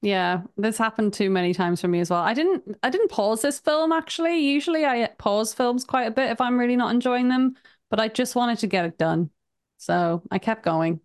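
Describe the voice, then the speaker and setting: A woman's voice: on the high side, animated, moderate pace, clean tone. A woman co-hosting a casual movie review podcast, easygoing and wry, laughing often. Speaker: podcast co-host.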